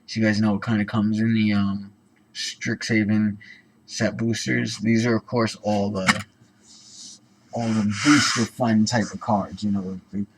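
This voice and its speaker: Over poor audio, a card-opening channel host with a low-leaning, fairly flat voice comments casually on each card at an unhurried pace. He rambles with lots of ums and keeps correcting himself.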